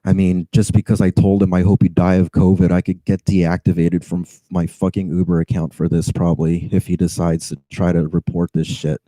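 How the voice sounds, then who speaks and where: A man on edge vents a long grievance, sighing, stammering and swearing. His voice sits low and very dark. The sound is close and dry. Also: little pitch movement, fairly quick, hardly any pauses, no echo, poor audio. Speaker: rideshare driver. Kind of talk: venting story to camera.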